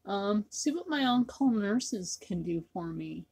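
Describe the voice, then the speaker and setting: Slow, husky-voiced woman rambling to camera. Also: mid-range voice, expressive, darkish tone. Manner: rambling, repetitive, with many fillers. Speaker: vlogger. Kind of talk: casual talk to camera.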